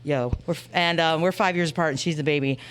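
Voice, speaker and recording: A woman's voice: sits low, steady tone, fast talker, clean tone. A young woman at a convention panel, chatting casually into a handheld mic and filling her story with "like". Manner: chatty, heavy use of "like". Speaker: audience member at a panel.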